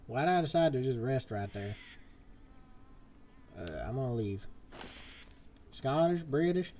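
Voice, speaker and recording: A man streaming a western game live, chatting casually and swapping swear words for softer ones. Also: medium pitch, very animated, measured pace, slight background noise. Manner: chatty, swaps swears for "fudge". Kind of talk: live gameplay commentary. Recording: game music behind the voice.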